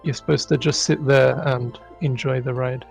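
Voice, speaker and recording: A man being interviewed in a casual live stream, with deadpan humor and frequent laughs. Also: medium pitch, moderate pace, creaky, soft background music, poor audio. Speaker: interview guest, asset developer.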